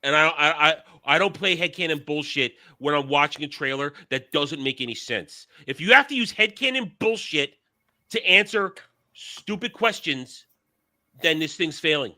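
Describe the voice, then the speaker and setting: Bright-voiced man ranting bluntly. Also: on the high side, expressive, normal speed. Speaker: show host. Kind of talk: casual podcast discussion.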